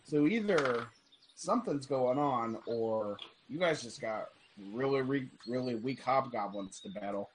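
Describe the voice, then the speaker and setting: A man hosting a tabletop role-play podcast, introducing the episode and running the game in a relaxed, chatty way. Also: mid-range voice, measured pace, slight background noise. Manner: relaxed, chatty, laughs easily. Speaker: game master and podcast host. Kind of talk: casual podcast narration and game mastering.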